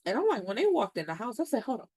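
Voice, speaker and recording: A woman with a slightly high, husky, somewhat mellow voice recaps a TV episode very fast and very animatedly. As a TV show reviewer, she chats casually, retells scenes in quotes and curses freely with blunt asides. The recording has no echo.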